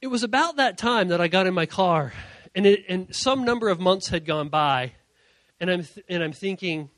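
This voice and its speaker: A young man preaches as a youth pastor in storytelling mode. His voice sits high and bright, and he swings between quiet asides and loud, excited bursts. The sound is close and dry. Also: normal speed, no echo. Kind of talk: sermon storytelling.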